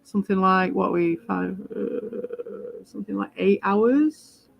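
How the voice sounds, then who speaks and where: A woman's voice: mid-range voice, slow pace, gravelly, muffled recording, a little hiss or hum. Rambling woman streaming a game. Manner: rambling, swears freely, gets worked up. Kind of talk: casual live-stream chat while playing.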